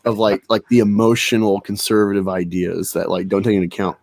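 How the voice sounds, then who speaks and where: A man's voice: on the low side, flat delivery, brisk, creaky, a little mellow. A man hosting a podcast in casual chat, blunt, crude and opinionated. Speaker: podcast host.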